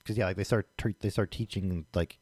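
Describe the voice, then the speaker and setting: A man talks casually in a halting way, leaning on filler words and restarting his sentences. His voice sits fairly low. The recording is dry and close. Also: fairly even intonation, darkish tone, husky, no echo. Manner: halting, filler-heavy, lots of "like". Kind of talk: casual chat.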